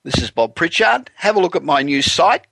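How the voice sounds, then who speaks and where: Bright dry-voiced radio host. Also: male voice, fairly high pitch, very animated, moderate pace, gravelly, slightly rough, dry recording. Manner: explanatory, upbeat salesman tone. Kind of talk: business talk radio monologue.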